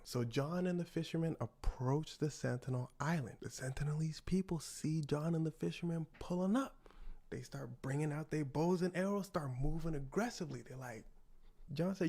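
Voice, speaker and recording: A man's voice: on the high side, moderate pace, creaky, darkish tone, breathy edge. A man telling a comedic story in a playful, slangy way, jumping into the characters' voices.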